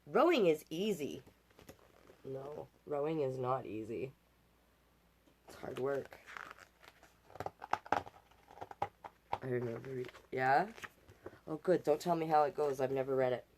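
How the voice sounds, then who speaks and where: A woman's voice: very deep voice, fairly even intonation, slow, long pauses, noisy background. A woman from Canada reading a picture book aloud as storytime host, with chatty asides and playful sound effects.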